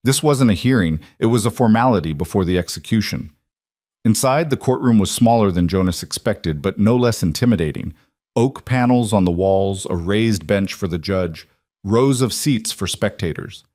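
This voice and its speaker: Low-voiced male Western storyteller. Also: a little mellow, no room sound, clean studio sound. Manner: measured storytelling. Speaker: narrator. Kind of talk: scripted Western story narration.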